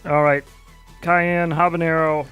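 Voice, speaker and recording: A man's voice: a little high, little pitch movement, unhurried, fairly bright tone, smooth, highs cut off, faint music behind. Laid-back man hosting a livestream. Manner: loose, swears casually, reacts with laughs. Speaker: livestream host. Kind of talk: casual livestream chat.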